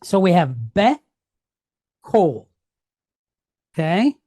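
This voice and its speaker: A woman's voice: fairly low pitch, big pitch swings, extremely slow, warm tone, breathy edge, no room sound. A woman teaching a Hebrew lesson, going patiently step by step and asking questions that she then answers herself. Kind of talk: classroom lesson.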